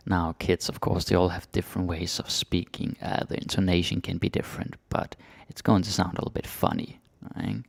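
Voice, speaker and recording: A man's voice: low-pitched, flat delivery, brisk, gravelly, breathy edge. A man giving casual, chatty commentary in a language lesson, full of offhand asides and fillers. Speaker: language teacher.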